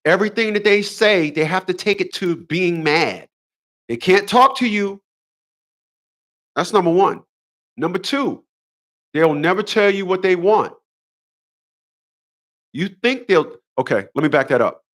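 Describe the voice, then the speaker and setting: A man's voice: sits high, animated, a little slow, long pauses, a bit bright. A man hosting a relationship advice show, delivering a preachy solo monologue full of repeated rhetorical questions and emphatic short phrases.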